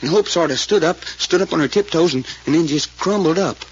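An actor playing a folksy rural eyewitness, speaking in a drawl with rustic grammar in 1940s radio style. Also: male voice, fairly high pitch, brisk, breathy edge. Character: folksy rural man, eyewitness called Doc. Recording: muffled old radio recording with faint hiss.

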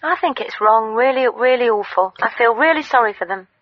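A woman playing a soft-hearted radio caller who repeats herself plaintively. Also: fairly high pitch, lively intonation, fairly quick, no room sound. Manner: repetitive, plaintive. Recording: dull phone-in sound.

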